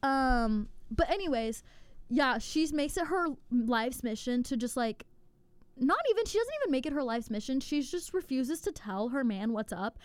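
A woman's voice: sits high, animated, normal speed, clear, resonant tone, no echo. A young woman hosting a college radio show, chatting casually and animatedly about a film, with frequent fillers. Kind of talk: casual chat, film review. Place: college radio station studio.

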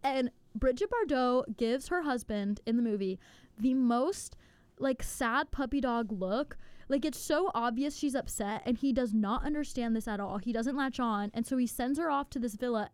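A woman's voice: a little high, darkish tone, smooth, no room sound. A young woman hosting a college radio show, chatting casually and animatedly about a film, with frequent fillers. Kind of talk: casual chat, film review. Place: college radio station studio.

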